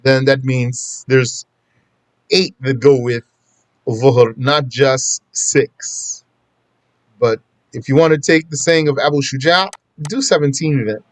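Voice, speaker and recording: A man's voice: medium pitch, no echo. A man teaching a classroom lesson on prayer, explaining step by step and reciting Arabic quotations before translating them. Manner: plain conversational teaching with asides to students. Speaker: Islamic studies teacher. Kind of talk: classroom lesson on a law text.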